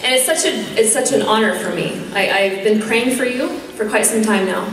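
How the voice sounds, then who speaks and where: A woman's voice: on the high side, moderate pace, fairly bright tone. A woman from South Texas with a Texan accent, a nun giving a funny, faith-filled talk to a conference crowd and laughing at her own stories. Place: large conference hall. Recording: echoey hall, speaker far off, crowd noise.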